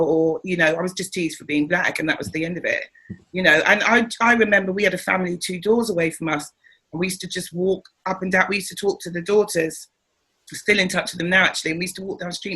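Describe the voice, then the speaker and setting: Husky, bright-voiced woman telling stories. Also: fairly low pitch, brisk. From England. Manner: animated storyteller who acts out voices. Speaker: comedian, interview guest. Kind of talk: casual conversation.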